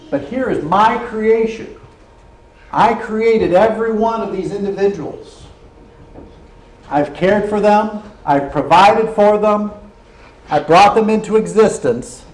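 A preacher voicing God as patient and fatherly, reasoning with an angry prophet, in a roomy hall. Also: high-pitched.

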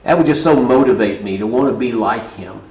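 Man, middle-aged, sermon, storytelling, medium pitch, roomy echo. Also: brisk, darkish tone. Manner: conversational storytelling preaching with frequent restarts. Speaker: preacher.

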